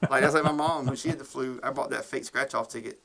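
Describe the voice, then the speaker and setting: A man's voice: mid-range voice, fast, vocal fry, over a noisy crowd. A man co-hosting a casual podcast, telling rambling stories and laughing at them as he goes. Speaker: podcast co-host. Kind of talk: casual storytelling chat.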